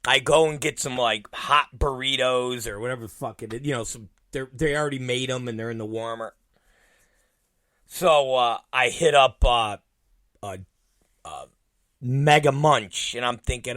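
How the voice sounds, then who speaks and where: A man's voice: mid-range voice, normal speed, a bit bright, dry recording, clean studio sound. A middle-aged man hosting his own show, telling a rambling, profane story and laughing at it. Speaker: podcast host. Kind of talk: casual storytelling monologue.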